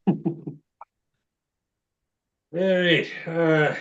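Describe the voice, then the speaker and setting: A man's voice: medium pitch, measured pace, pauses often. Male guest presenter, jokey rambling storyteller, dull echoey video-call sound. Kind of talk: casual slideshow talk.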